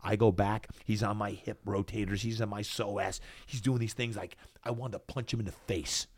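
His voice on the low side and his pace moderate, the New Jersey fitness coach, a middle-aged podcast guest, tells a personal story with lots of energy, animatedly acting out quoted dialogue. The recording is dry.

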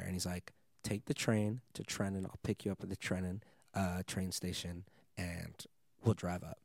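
A young man, a DJ guest, telling a wild story in casual chat, animated and swearing often, laughing as he goes. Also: sits low, moderate pace, creaky, no echo, studio quality.

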